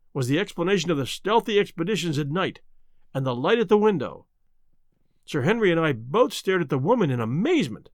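A man narrating a story aloud with an expressive, dramatic reading. His voice is fairly high and moves a lot in pitch. The recording is close and dry. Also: no room sound. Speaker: audiobook narrator. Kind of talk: scripted narration.

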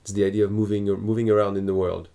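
A man with a gravelly, creaky voice on the lower side puts questions to a teacher. He speaks hesitantly, searching for words and restarting often. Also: little pitch movement, fast talker, dark tone. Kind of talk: spiritual dialogue.

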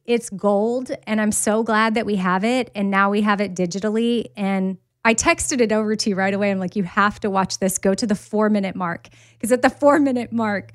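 A woman's voice: medium pitch, dry recording, studio quality. A woman hosting a podcast, talking in a chatty, upbeat way. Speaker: podcast host. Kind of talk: casual chat.

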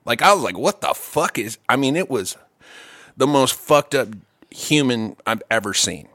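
A man telling a long story in casual chat, profane and animated, with quick asides and restarts. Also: medium pitch, no echo, studio quality.

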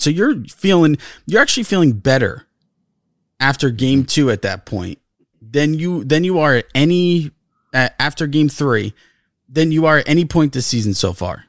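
A man's voice: medium pitch, lively intonation, normal speed, dry recording, clean studio sound. A man co-hosting a sports podcast, ranting in frustration, swearing a lot and repeating himself. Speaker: podcast co-host. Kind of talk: heated sports podcast rant.

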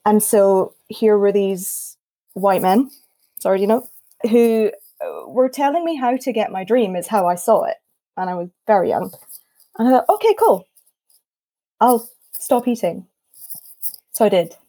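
A woman's voice: mid-range voice, moderate pace, rough recording. A Scottish woman telling her story as a guest on a panel talk, acting out the quotes as she goes. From Scotland. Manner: lively storytelling with acted-out quotes. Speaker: guest musician. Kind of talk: casual panel chat.

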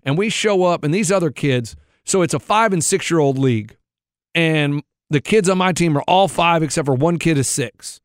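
A man with a high voice tells a story on a radio show, lively and full of acted-out quotes. He sounds close and dry in a studio, with no room sound around him. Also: normal speed, dry recording. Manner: animated, acts out quotes with rising pitch. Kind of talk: casual storytelling chat.

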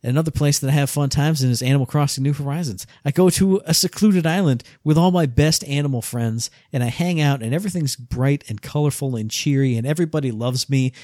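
A man's voice: fairly high pitch, fast, few pauses, warm tone, dry recording, studio quality. A man co-hosting a casual podcast, chatting in a wry, sarcastic way. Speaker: podcast co-host.

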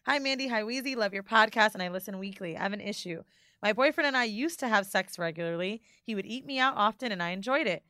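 A woman co-hosts a podcast with blunt, laughing banter. Her voice is bright and sharp, and it is recorded close and dry. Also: mid-range voice, quick pace, dry recording. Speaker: podcast co-host. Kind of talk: casual chat.

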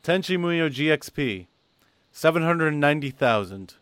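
A young man co-hosting a podcast, talking casually and rambling a little, reading numbers out slowly. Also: on the high side, animated, a bit bright, clear, resonant tone, dry recording. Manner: rambling with fillers and restarts, reads numbers out slowly. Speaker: podcast co-host.

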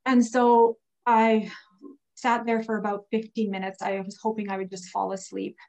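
A woman's voice: mid-range voice, flat delivery, moderate pace, vocal fry, a little mellow, rough recording. A woman recovering from pneumonia, telling a personal faith story in casual, earnest speech full of fillers. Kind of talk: casual testimony.

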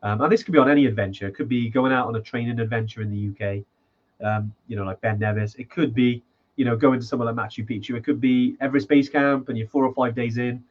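Quick, husky-voiced man co-hosting a podcast. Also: mid-range voice, steady tone, muffled recording. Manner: rambling, full of restarts and fillers. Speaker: podcast co-host. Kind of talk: casual podcast chat.

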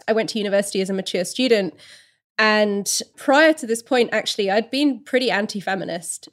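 A woman writer as an interview guest, explaining in a thoughtful, explanatory way and sometimes correcting herself mid-sentence. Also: medium pitch. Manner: thoughtful, explanatory, with occasional self-correcting restarts. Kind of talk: podcast interview.

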